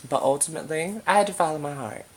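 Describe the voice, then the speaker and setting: A young woman with a low, deep-set voice talks straight to the camera in a casual vlog. She rambles and swears freely, leaning hard on her points. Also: lively intonation, quick pace. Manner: emphatic, profane, rambling. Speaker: vlogger.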